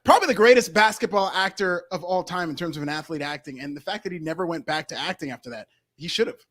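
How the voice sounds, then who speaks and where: A man's voice: on the high side, fast talker, a bit bright. A man co-hosting a podcast in casual chat, enthusiastic and opinionated. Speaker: podcast co-host.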